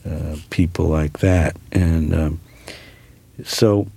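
A man's voice: a bass voice, fairly even intonation, takes it slowly, creaky, warm tone, breathy edge, no echo. A man from New Jersey with a New Jersey accent, an actor talking casually in an interview, rambling with many fillers and restarts. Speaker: actor guest.

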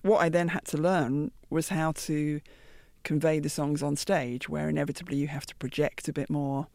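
A British woman in her fifties, a singer answering interview questions in a deep, thoughtful, soft-spoken way. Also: flat delivery, normal speed, no room sound. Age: 50s. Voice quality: deep, gravelly. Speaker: guest singer.

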